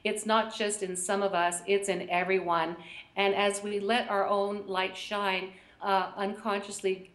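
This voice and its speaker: In an echoey room, a chatty middle-aged woman appears as a guest on a call-in show, where she teaches intuition. Her mid-range voice is a bit bright, and she tells stories casually, laughing often.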